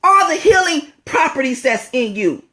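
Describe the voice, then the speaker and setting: A woman's voice: high-pitched, very animated, moderate pace, pushed and bright. A woman giving an impassioned spiritual talk, emphatic and preachy, repeating phrases for stress.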